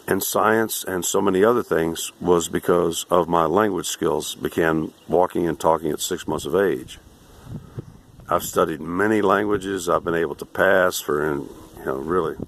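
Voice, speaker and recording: A man in his sixties with a Central Texas accent, tired and hoarse, ranting to camera in a crude, boastful, abrasive way. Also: sits low, slight background noise. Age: 60s. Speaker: vlogger.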